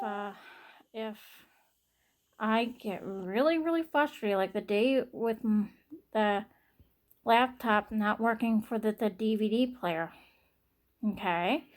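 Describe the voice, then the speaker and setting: A young adult woman talking to camera in a personal vlog, halting and repetitive, with frequent sighs and restarts. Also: on the high side, darkish tone. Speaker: vlogger.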